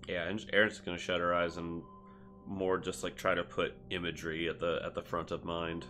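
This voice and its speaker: A man describes his character's actions at a tabletop game, halting and full of fillers. His voice sits low, with faint music behind. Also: flat delivery, pushed and bright. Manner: hesitant, halting with many fillers. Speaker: player. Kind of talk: casual tabletop role-play.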